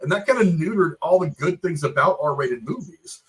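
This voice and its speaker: Husky, higher-voiced man reflecting on films. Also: lively intonation, normal speed, fairly bright tone, poor audio. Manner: reflective, explains at length. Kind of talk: casual movie review chat.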